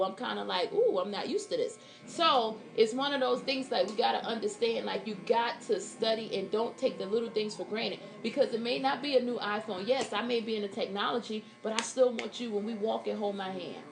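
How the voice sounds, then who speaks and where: A woman's voice: on the high side, creaky, echoey room. A woman guest in a podcast chat, talking earnestly and reflectively about marriage. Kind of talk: casual chat.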